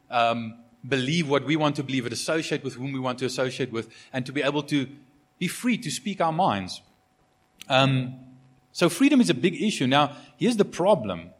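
A man from Africa, preaching a sermon in a conversational way, full of fillers and restarts. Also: medium pitch. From South Africa. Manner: conversational, many fillers and repeated starts. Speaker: pastor.

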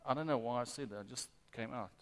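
A man preaching a sermon as pastor, emphatic and lively, often addressing the congregation directly. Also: medium pitch, quick pace. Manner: lively, emphatic preaching with frequent "guys" and "amen".

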